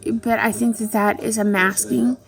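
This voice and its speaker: Halting, earnest middle-aged woman. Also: fairly high pitch, little pitch movement, vocal fry, faint music behind. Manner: halting, earnest, frequent pauses and restarts. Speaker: vlogger. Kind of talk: personal confessional vlog.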